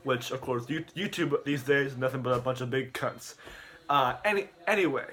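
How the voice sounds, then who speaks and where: A man's voice: mid-range voice, lively intonation, normal speed, a bit bright. A man in a rambling rant, full of stammered restarts and swearing. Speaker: youtuber.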